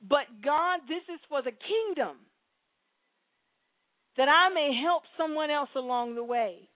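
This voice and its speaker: A woman preaching a sermon and praying aloud, swinging between soft pleading and loud exclamations. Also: high voice, animated, unhurried, dry recording. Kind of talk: sermon and prayer. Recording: dry, phone-like sound.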